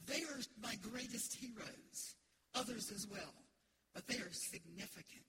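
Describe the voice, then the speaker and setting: A middle-aged woman from the United States, preaching an emphatic, animated sermon as pastor in a church. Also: a little high, measured pace, very noisy. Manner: emphatic, animated preaching with laughter and call-outs. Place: church sanctuary.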